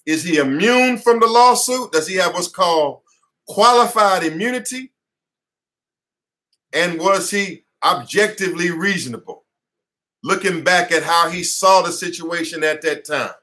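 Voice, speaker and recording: A man's voice: high voice, animated, measured pace, bright, forceful tone. A man who is an attorney, giving an impassioned online class lecture from his headquarters, fiery and preacher-like, repeating phrases for emphasis, sweating as he talks. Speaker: attorney and teacher.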